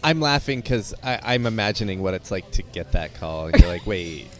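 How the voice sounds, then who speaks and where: A man's voice: fairly low pitch, expressive, a little fast. A man hosting a podcast interview who talks casually and empathetically, prompting his guest with short questions and interjections. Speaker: podcast host.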